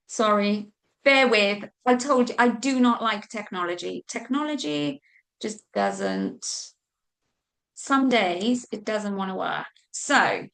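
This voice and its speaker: A Welsh business coach with a creaky, mid-range voice runs a live online business training. She's chatty and informal, saying "like" and "okay" constantly and letting slip a mild curse when she gets flustered.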